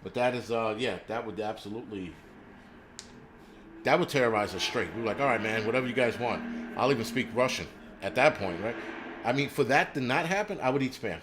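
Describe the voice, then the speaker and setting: A man's voice: mid-range voice, expressive, fairly quick, background noise. A man hosting a livestream, ranting crudely and rambling while he answers viewers' chat. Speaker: livestream host.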